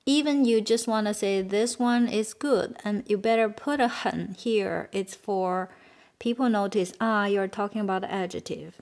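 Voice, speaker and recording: A native Chinese speaker with a Chinese accent, this woman teaches a beginner language lesson, patiently repeating words slowly for learners. Her voice is mid-range with a darkish tone.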